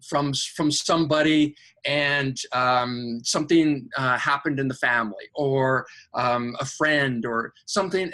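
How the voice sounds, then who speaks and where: A man, a podcast guest and coach, telling an animated story about angels and synchronicity with enthusiasm. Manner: acts out angels' voices in a higher, excited tone; enthusiastic, spiritual coaching talk.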